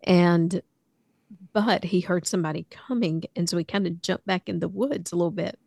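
A woman co-hosting a podcast, telling a funny story in a casual, animated way and laughing often. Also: lowish voice, normal speed, creaky, no room sound. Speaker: podcast co-host.

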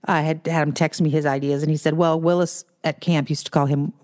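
A woman co-hosting a casual chat over a remote call, talking in an animated, storytelling way. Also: deep voice, fairly quick. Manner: chatty, animated storytelling with put-on quote voices.

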